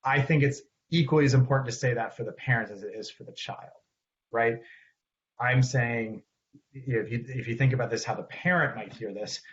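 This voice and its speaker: Male clinician-teacher, relaxed conversational delivery, acts out examples, lo-fi audio. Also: mid-range voice, a little fast. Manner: conversational, acts out what he says to parents and kids. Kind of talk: recorded training talk.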